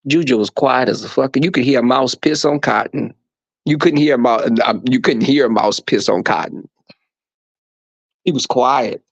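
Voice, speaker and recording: Profane, animated man telling stories. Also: medium pitch, normal speed, vocal fry, dry recording, muffled recording. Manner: animated, profane, acts out voices. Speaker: livestream host reading chat. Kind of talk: casual storytelling to viewers.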